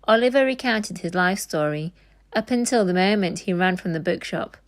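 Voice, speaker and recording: A woman teacher reading a children's book aloud with clear, expressive storytelling. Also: on the low side, moderate pace.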